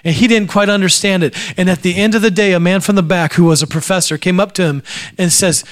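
A male preacher with a notably high-pitched voice delivers a sermon in storytelling form. He acts out the voices of the people in his stories as he goes. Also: steady tone, quick pace. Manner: acts out quoted voices while telling stories.

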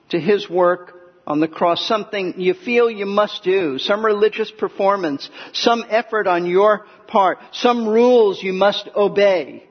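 Emphatic high-voiced male preacher in a hall. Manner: earnest, emphatic, explaining scripture step by step. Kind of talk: expository sermon. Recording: echoey hall, muffled lo-fi sound.

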